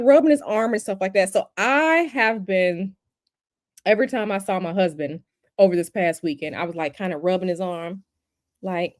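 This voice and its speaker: A chatty woman hosts a casual astrology livestream and keeps turning to talk with her chat. Her voice sits at a medium pitch. The sound is close and dry. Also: no echo. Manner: chatty, talks straight to the live chat. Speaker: astrology and tarot livestream host.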